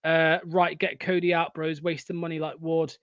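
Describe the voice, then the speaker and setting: A young man hosting a live football watchalong, swearing often and swinging from excited shouting to deflated muttering. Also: on the high side, normal speed, clear, resonant tone, no echo, dull audio. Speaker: fan watchalong host.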